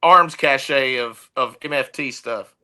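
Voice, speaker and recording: A man who heads a security firm, telling stories in an easygoing, energetic way during a casual podcast interview. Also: mid-range voice, slow, slight background noise, rough recording.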